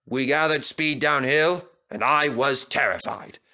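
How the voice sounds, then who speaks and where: A man voicing a modest, kindly old male mountain engine who tells his story in an unhurried way. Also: medium pitch, vocal fry, pushed and bright, full character voice.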